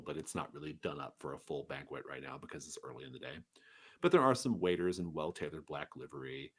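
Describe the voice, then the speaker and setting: A man with a very deep voice runs a tabletop game, painting scenes with loose, chatty description. He narrates at an easy pace. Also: breathy edge. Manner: descriptive, with fillers and restarts. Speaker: game master.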